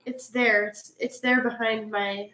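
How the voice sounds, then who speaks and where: A woman making quick, chatty remarks in casual conversation, her voice a little high. The room is echoey. Other people talk behind her. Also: steady tone, a crowd in the background. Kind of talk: casual chat.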